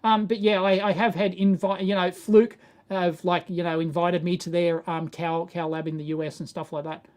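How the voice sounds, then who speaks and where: A man's voice: high voice, little pitch movement, normal speed, darkish tone. A man with an Australian accent hosting a live stream, answering viewer questions in a casual, rambling way with frequent chuckles. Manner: rambling, chuckling, self-correcting.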